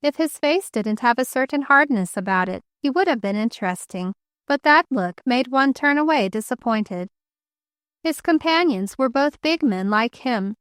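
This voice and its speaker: A woman audiobook narrator reading a novel in measured, even storytelling style, recorded close on a studio microphone. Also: high voice, smooth, no room sound. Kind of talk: scripted narration.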